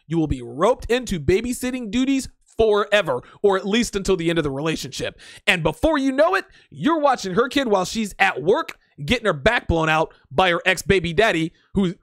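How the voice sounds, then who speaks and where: A fairly high-voiced man hosts a livestream in a crude, profane, blunt manner. He reads viewer comments aloud and shoots back his reactions. His voice is dry and close, with no room sound. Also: a bit bright, dry recording. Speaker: podcast host. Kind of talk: casual livestream chat.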